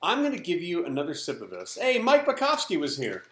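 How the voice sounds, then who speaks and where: A man's voice: on the high side, wildly swooping pitch, brisk, fairly bright tone. A man from Texas hosting a casual livestream, chatty and upbeat, thanking donors and reading messages. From Dallas, Texas. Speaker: livestream host. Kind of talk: casual live-stream chat. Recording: echoey room.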